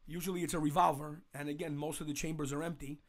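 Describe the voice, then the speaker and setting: A man's voice: on the high side, level tone, fast. A man with a New York accent hosting a casual political talk show, rambling and saying "you know" constantly. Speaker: host.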